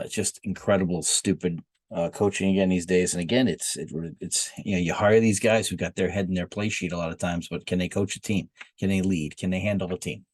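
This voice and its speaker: A man's voice: low voice, darkish tone, no room sound. A man giving blunt, profane football opinions in a rambling rant, full of filler uhs. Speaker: football commentator. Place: Miami.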